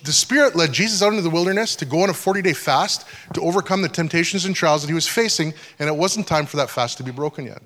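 A man's voice: a little high, a bit bright. Man preaching in a reverberant hall. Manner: conversational teaching, frequent check-ins with listeners. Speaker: pastor. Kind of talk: sermon. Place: church hall.

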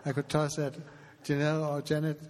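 A man, a pastor, speaking to his congregation in a halting, emotional way with touches of humor. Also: on the high side, completely flat delivery, a little mellow, slight background noise. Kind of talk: heartfelt address to congregation. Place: church sanctuary. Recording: long reverb of a large hall.

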